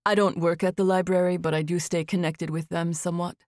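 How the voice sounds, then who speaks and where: Calm gentle man around thirty, voiced by a woman, measured and easygoing, lowish voice, dry close sound. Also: dry recording, close to an everyday voice. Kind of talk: audiobook dialogue.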